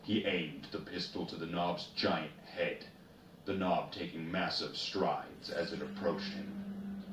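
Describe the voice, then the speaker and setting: Male storyteller with a very deep voice, giving steady, unhurried narration in an echoey room. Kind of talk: story reading. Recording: roomy, distant, noisy ambience.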